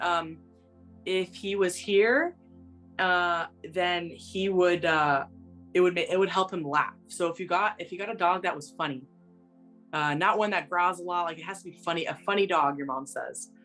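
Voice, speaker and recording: A woman working as a psychic medium, talking in a gentle, meandering way full of fillers, with soft music behind her. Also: on the low side, normal speed. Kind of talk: casual spoken reading.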